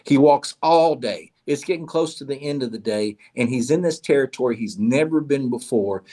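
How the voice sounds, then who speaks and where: A man's voice: medium pitch, moderate pace, few pauses, warm tone, slightly rough. A man telling a parable at a church in a folksy way, often repeating his words. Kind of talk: told parable.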